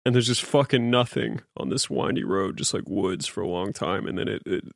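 Podcast co-host, man, halting storyteller, mid pitch, dry close sound. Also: creaky, dry recording. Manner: hesitant, filler-heavy storytelling. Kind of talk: casual storytelling.

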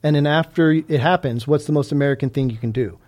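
A man's voice: on the high side, fast talker, a little mellow. A man chatting on a podcast, ranting in an indignant tone and repeating himself as he goes. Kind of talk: casual comedic chat.

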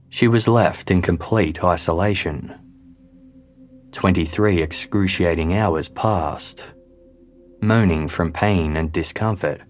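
A man, a podcast host, giving scripted true-crime narration in a measured, grave storytelling manner. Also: deep voice.

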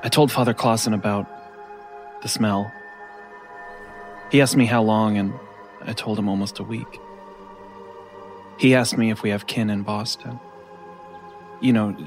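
An actor playing a tired teenage older brother in an audio drama, speaking in an even, weighted way. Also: male voice, lowish voice, a little slow, pauses often, faint music behind. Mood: grave. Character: weary teenage older brother, grave and steady.

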